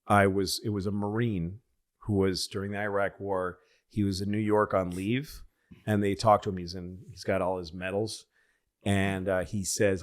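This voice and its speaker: A man in casual podcast conversation, telling a rambling, reflective story with restarts and acted-out quotes. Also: low-pitched. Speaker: podcast guest. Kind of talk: casual chat.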